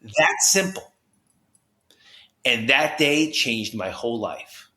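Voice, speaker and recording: A man from New Jersey, a podcast guest, telling his story with high energy, lots of restarts and "you know"s. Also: expressive, slow, sharp tone. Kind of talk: animated storytelling in conversation. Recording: roomy echo.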